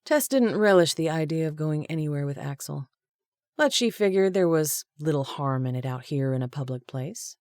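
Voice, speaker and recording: A woman narrates a romance audiobook with a steady, even storytelling manner. Her voice is low and warm-toned, recorded dry and close. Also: normal speed, no echo. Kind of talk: scripted narration.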